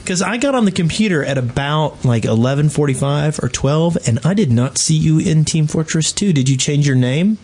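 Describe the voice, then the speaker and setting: A man's voice: on the high side, animated, moderate pace, few pauses, a little mellow. A man co-hosting a gaming podcast, explaining server matters and teasing the others. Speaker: podcast co-host. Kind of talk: casual podcast chat.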